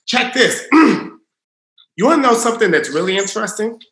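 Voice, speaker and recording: A man preaching in an earnest sermon style, dropping to a hush for emphasis. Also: sits high, big pitch swings, normal speed. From Southern US. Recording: roomy echo.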